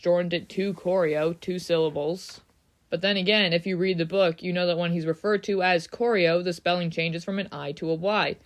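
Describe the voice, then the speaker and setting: Chatty woman vlogger, smooth clear voice, playful, drags out names to sound them out. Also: lowish voice. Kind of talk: casual chat.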